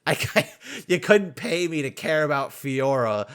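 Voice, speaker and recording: Rambling, halting young man gaming host. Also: fairly high pitch, lively intonation, fairly bright tone, clean tone. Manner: rambling, halting, with many repeated restarts. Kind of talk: casual game commentary.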